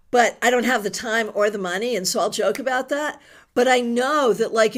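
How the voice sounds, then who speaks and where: A middle-aged woman hosting a tarot livestream, chatting with viewers and reading their comments aloud with emotion. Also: a little high. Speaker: tarot reader host.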